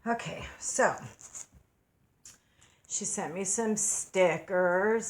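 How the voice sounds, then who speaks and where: A woman's voice: fairly low pitch, takes it slowly, pauses often, roomy sound. A middle-aged woman hosting a casual craft unboxing vlog at home, chatty and gushing with affection. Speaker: craft channel host. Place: at home by her craft desk.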